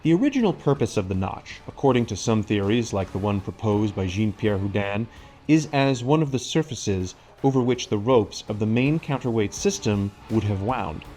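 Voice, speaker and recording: A man reading scripted voice-over narration, measured and explanatory. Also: on the low side, expressive, a little mellow, soft background music. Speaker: documentary narrator.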